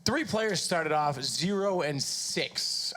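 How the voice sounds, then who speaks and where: A man's voice: fairly high pitch, expressive, takes it slowly, sharp tone. Chatty male analyst desk host. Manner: chatty, rambling, self-deprecating.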